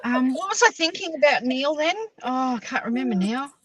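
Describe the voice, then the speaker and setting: Lively teasing woman, bright voice. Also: high voice, a little fast, low-quality recording. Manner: teasing, mock-indignant banter. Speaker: podcast host. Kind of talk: casual chat.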